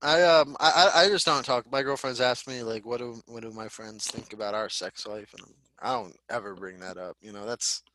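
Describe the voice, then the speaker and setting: A man from Connecticut, a comedian guest in a casual chat, talking in a rambling, halting way with frequent restarts. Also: mid-range voice, sharp tone, no room sound. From Connecticut, USA.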